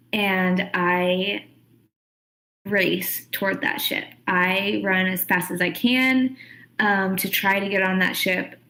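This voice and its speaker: Woman playing an rpg, says what her character does, first person, takes it slow. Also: mid-range voice, pushed and bright, low-quality recording. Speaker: player. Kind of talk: playing her character in a tabletop role-playing game.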